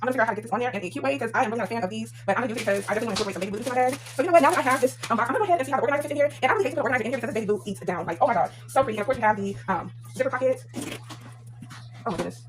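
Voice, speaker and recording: Excited chatty woman unboxing, quick talker. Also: on the high side, rough recording. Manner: chatty, excited, many fillers, says "y'all". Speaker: vlogger. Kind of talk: casual unboxing vlog.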